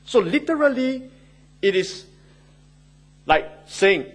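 A man preaching a sermon, emphatic and expressive, with conversational asides to his listeners. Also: a little high, unhurried, pauses often, breathy edge, rough recording. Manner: emphatic, rising and falling between quotes and asides.

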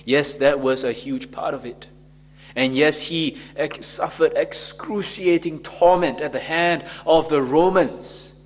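A man preaching a sermon slowly and emphatically, acting out the mockers in quoted voices. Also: on the high side, in a large hall, slight background noise.

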